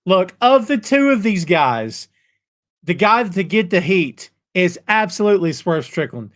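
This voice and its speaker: The man's voice is high and a little slow. He is a middle-aged podcast host running a live wrestling talk show, bantering with viewers and chat readers in an animated, folksy, joking style.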